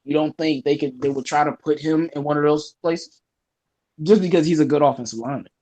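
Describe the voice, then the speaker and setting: Brief: man, slightly high pitch, eager co-host jumping in with restarts. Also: a little mellow, poor audio. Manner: quick, restarts and stacks thoughts. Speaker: podcast co-host. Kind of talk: casual sports talk.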